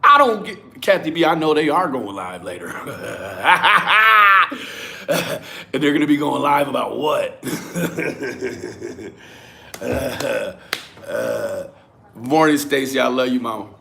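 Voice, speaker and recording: A man's voice: mid-range voice, animated, takes it slowly, vocal fry, bright, forceful tone. A young man hosting a livestream, ranting profanely and calling out chat commenters by name. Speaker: livestream host.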